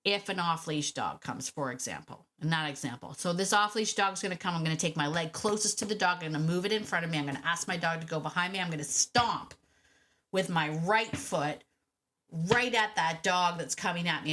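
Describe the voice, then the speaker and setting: A woman dog trainer hosting a solo podcast, speaking directly to listeners in an animated, encouraging way and repeating her key points. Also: on the low side. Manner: animated, repeats key phrases, acts out quick quoted thoughts. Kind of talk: solo podcast coaching talk.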